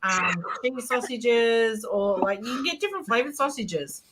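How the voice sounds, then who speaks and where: A woman chatting casually in an online group, laughing easily and pausing with fillers. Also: a little high, lively intonation, a bit bright. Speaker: chat participant.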